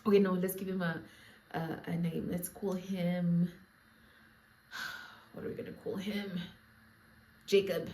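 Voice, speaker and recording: Her voice is fairly low and a little mellow, level in tone, a little slow, and she pauses often. A young woman with a Namibian accent, she tells her viewers a playful storytime full of laughter and audience asides. The room echoes, and there's slight background noise.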